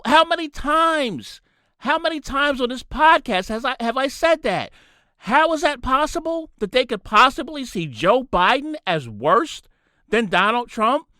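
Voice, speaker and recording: Podcast guy ranting solo, forceful voice, repeats himself a lot, dry close mic. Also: very high voice, clean tone, no echo. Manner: ranting, repeats points for emphasis. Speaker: podcast host. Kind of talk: solo political commentary.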